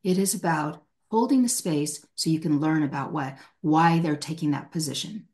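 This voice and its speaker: A woman's voice: low-pitched, moderate pace, a little mellow. Emphatic middle-aged woman, passionate. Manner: passionate, emphatic, acts out quoted speech. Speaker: hostage negotiator, podcast guest. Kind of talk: emphatic podcast interview answer.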